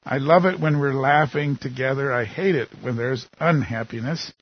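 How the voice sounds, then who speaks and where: Older male preacher, husky, mid-pitched, earnest sermon delivery, lo-fi sound. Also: moderate pace. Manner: earnest, warm pastoral delivery with rhetorical questions. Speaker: pastor. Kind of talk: sermon with opening prayer.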